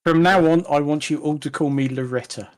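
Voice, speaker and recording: A man's voice: on the high side, fairly quick. A man, joking and teasing others as a participant in an online voice chat. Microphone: online voice call.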